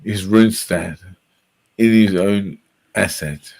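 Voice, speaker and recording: A man's voice: fairly low pitch, slow pace, vocal fry, darkish tone. A man in casual podcast chat, rambling and repeating his words. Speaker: podcast co-host.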